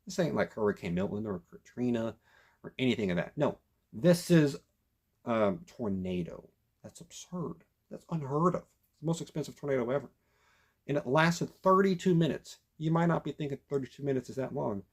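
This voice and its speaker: Male reviewer, casual and emphatic, husky voice, very lively intonation. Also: mid-range voice, moderate pace. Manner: animated, emphatic, frequent restarts. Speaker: documentary reviewer. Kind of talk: casual commentary retelling a story.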